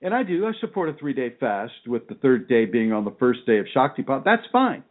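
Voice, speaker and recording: A man's voice: medium pitch, very animated, fairly quick. A man hosting a call-in radio show, teaching earnestly with repeated phrases and restarts. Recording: tinny phone line.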